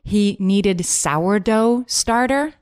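A woman's voice: medium pitch, a little mellow, smooth. Emphatic woman podcast co-host. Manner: quick, emphatic, peppered with "like". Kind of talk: casual podcast chat.

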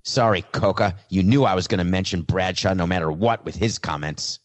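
A man's voice: low voice, brisk, pitched below the performer's own voice, close to an everyday voice. A man voicing a famous male star quarterback who answers press questions with blunt honesty, in his own plain voice. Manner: plain own voice, no attempt at an impression. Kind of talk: mock press-conference monologue.

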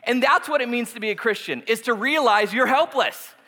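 Thirtysomething pastor guy, high voice, jokey, laughs at himself a lot. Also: lively intonation, brisk, sharp tone. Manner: joking, self-deprecating, laughs often. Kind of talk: casual humorous sermon.

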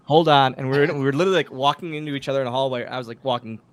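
A man, a former pro wrestler, telling backstage stories as a guest in a casual interview, lively and full of acted-out quotes. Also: mid-range voice, rapid-fire. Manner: animated anecdotes, acts out quoted dialogue, many restarts. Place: podcast studio.

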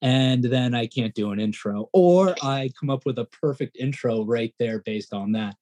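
A man co-hosting a podcast in casual chat, excitable and rambling, his voice jumping up when he gets worked up. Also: medium pitch, moderate pace. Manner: excitable, rambling, self-deprecating. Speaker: podcast co-host.

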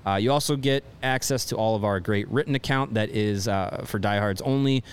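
A man co-hosting a sports podcast in casual chat, talking loosely with lots of restarts and halting phrases. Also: on the low side, smooth. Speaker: podcast co-host.

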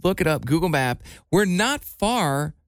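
A man's voice: fairly high pitch, very animated, unhurried, no echo. Wry man co-hosting in a studio. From small-town eastern Iowa. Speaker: co-host. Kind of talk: casual radio show chat.

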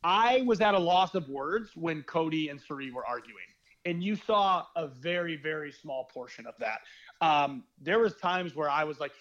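A man's voice: a little high, animated, moderate pace, a bit bright, muffled recording. A young man, a podcast guest, telling stories in a candid, rambling way with slang and the odd swear word. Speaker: podcast guest, former reality show contestant. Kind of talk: casual podcast chat.

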